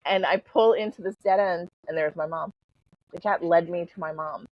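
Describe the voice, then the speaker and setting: Husky low-voiced woman telling a story. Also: moderate pace, no room sound. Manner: chatty, full of "like" and "you know", laughs easily. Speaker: podcast guest, spiritual coach. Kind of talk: casual storytelling in an interview. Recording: slightly dull lo-fi sound.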